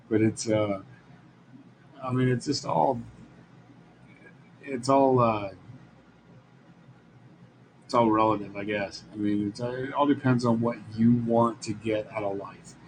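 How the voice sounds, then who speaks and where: A middle-aged man talks through a casual live-stream monologue in a blunt, rambling way, laughing often as he goes. His voice sits at an ordinary middle pitch. A faint hiss of background noise runs under it. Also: steady tone, takes it slowly, pauses often, poor audio. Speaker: live show host. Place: Las Vegas.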